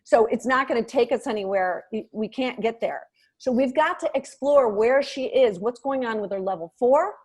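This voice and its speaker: A woman giving coaching feedback over a video call, acting out example lines with lively swings. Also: on the high side, normal speed, slightly rough.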